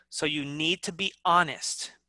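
An English teacher giving an online class, animated and demonstrating each point with big swings in pitch and loudness. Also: unhurried, dry recording.

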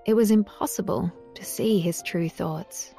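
A woman narrating an audiobook in an even, measured reading. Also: lowish voice, creaky, faint music behind.

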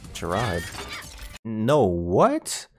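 A man hosting a reaction video, talking casually and excitedly with frequent laughs and slangy asides. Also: fairly low pitch, drawn-out words, soft background music.

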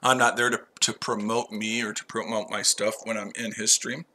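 A man's voice: fairly low pitch, level tone, moderate pace, pushed and bright, slight background noise. A man hosting a trading livestream, brash and profane, chatting to viewers by name and trash-talking rivals. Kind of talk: casual livestream chat.

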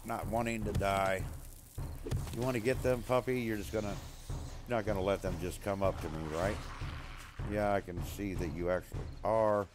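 An American man chatting casually while playing a survival game, talking to his dog and teammates and breaking into loud yelling. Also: lowish voice, fairly even intonation, normal speed, noisy background. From USA. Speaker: gamer streaming a survival game. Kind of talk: casual gameplay chat.

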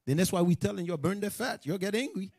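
A man preaching to a class in loose street talk, animated and joking, then scolding the listeners directly. His voice sits fairly high for a man, and the recording is close and dry. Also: fast talker, gravelly, husky, dry recording. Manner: animated, joking, scolding, with many asides to the audience. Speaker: teacher of a religious class.

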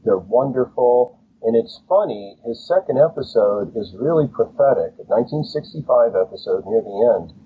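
A man's voice: mid-range voice, expressive, normal speed, few pauses, slightly rough. A man, an author being interviewed, telling stories with enthusiasm and acting out quoted lines. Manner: enthusiastic storyteller, acts out quotes. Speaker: author and guest. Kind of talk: casual interview chat. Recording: tinny phone-like line, faint noise.

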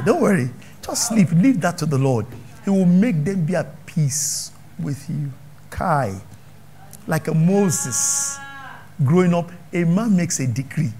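A Nigerian man preaches with a high, bright-sounding voice that leaps around his range. He drops into hushed asides, then rises to shouted questions, and laughs often as he goes. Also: slightly rough. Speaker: pastor. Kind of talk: sermon.

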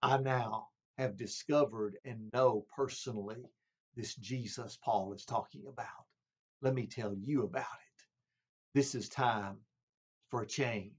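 Casting note: a man playing a weary Roman soldier, exasperated and complaining, husky and pitched high. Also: big pitch swings, a little slow, fairly bright tone, full character voice. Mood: awed. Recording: dull lo-fi sound.

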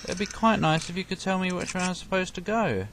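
This let's play commentator is a young man with a high voice that runs a little fast. He's sarcastic, chats to enemies, and swears and yelps when hit, all against a noisy game background.

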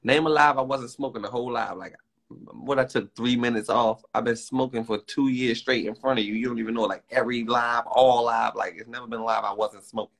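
A young man, ranting fast and profanely in casual slang on a livestream. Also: mid-range voice, fairly even intonation, creaky, a bit bright. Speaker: live streamer.

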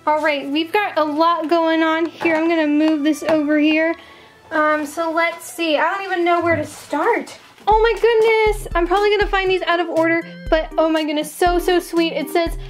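Casting note: excitable young woman, very high voice, casual unboxing chatter, light music underneath. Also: normal speed. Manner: gushing, excitable, exclaims often. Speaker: vlogger opening fan mail.

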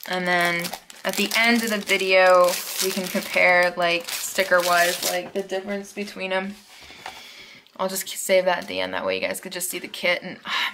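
At her desk at home, a woman unboxes planner supplies while chatting casually with viewers. She gushes excitedly and throws in chatty asides, speaking at medium pitch over a slight hiss or hum.

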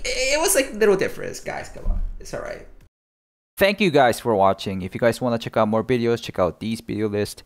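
Excitable giggly male game streamer. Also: medium pitch. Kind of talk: gameplay commentary stream.

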